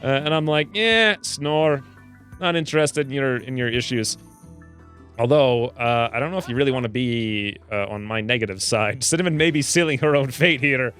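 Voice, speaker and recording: A man commentating his own gameplay in a jokey, animated way, slipping into squeaky voices for the characters. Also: moderate pace, faint music behind. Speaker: gaming video host. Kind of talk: let's play commentary.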